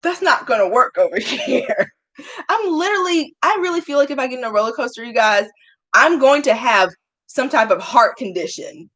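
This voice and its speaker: A woman's voice: sits high, lively intonation, moderate pace, a bit bright. A young woman chatting casually to her viewers, self-mocking and often laughing. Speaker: vlogger.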